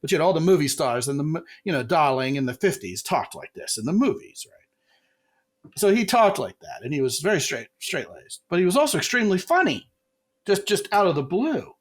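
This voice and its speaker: A middle-aged man hosting a podcast as a comedy coach, telling stories in a lively way and jumping his pitch for quoted voices. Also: a little fast. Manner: animated storyteller, jumps pitch for quoted voices. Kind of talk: casual podcast chat.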